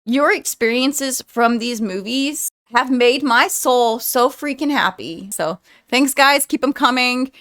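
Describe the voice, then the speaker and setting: A woman's voice: high-pitched, slow, few pauses. Chatty woman vlogger, rambling and heartfelt. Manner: rambling and chatty, says "like" often; warm and heartfelt toward viewers. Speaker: movie reaction vlogger. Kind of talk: casual chat to viewers.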